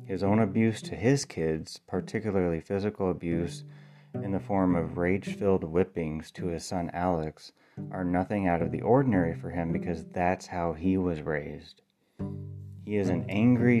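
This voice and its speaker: A man, a playwright, talking casually about his play, thinking aloud with ums and spelling words out letter by letter. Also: low-pitched. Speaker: playwright and podcast host. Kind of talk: casual spoken monologue.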